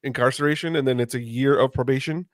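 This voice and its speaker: A man hosting an interview podcast, talking earnestly and haltingly with many restarts. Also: mid-range voice, fairly even intonation, dry recording, clean studio sound. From United States. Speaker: podcast host. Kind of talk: conversational interview.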